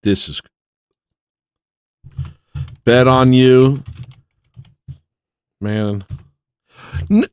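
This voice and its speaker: A man's voice: medium pitch, sing-song, slow, long pauses, dry recording, studio quality. A man hosting a livestream, chatting casually with viewers in an exasperated, incredulous, mock-outraged way. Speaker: livestream host.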